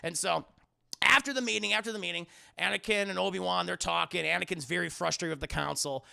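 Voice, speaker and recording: Gravelly, bright-voiced man reviewing a film. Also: sits high. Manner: retells scenes in quick mock voices, lots of swearing. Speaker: film reviewer streaming to live chat. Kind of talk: casual spoiler review, profane and animated.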